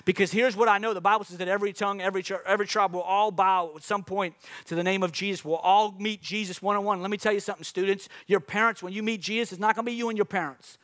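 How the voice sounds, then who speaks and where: High-voiced pastor guy preaching, keeps repeating himself, calls out to the crowd. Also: fairly even intonation, quick pace, few pauses, fairly bright tone. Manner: repetitive exhortation with calls to the audience. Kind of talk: sermon.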